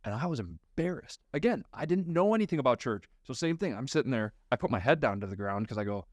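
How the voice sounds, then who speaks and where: A young man hosts a podcast and tells his own story in an earnest, eager way, speeding up as he goes. His voice sits at an ordinary pitch for a man. The sound is close and dry. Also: big pitch swings, fast, no echo. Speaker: podcast host. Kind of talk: casual podcast chat.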